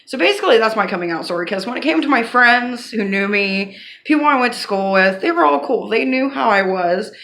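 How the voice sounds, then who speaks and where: A woman's voice: on the high side, lively intonation, brisk, hardly any pauses, fairly bright tone. A woman vlogging, telling a personal story to camera in a casual, blunt and candid way, swearing now and then.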